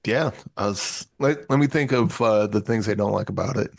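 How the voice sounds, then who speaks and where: A man co-hosting a casual movie review podcast, chatty and excited, laughing often. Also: lowish voice, normal speed, vocal fry, dry recording, clean studio sound. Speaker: podcast co-host.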